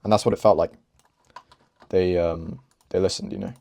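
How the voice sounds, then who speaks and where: Chatty young man, low voice. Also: fairly even intonation, moderate pace, vocal fry, mellow. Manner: rambling, laughing, chatty. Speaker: host. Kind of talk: casual chat over gameplay.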